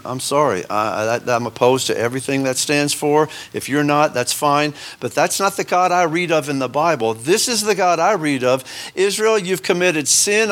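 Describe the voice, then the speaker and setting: A man's voice: a little high, a bit bright. A man preaching a sermon to his congregation in a loose, conversational way, breaking off into asides and tagging points with "right?". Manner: conversational, self-interrupting, asides and rhetorical "right?". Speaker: pastor.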